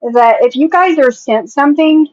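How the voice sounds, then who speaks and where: A woman with a West Virginia country accent speaks in a fairly high voice, blunt and unfiltered as she reacts on a stream and curses without hesitation. The audio is a little muffled and lo-fi. The room adds no echo. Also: normal speed, darkish tone. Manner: blunt, swears freely, reads comments aloud. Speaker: commentary streamer. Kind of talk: casual reaction commentary.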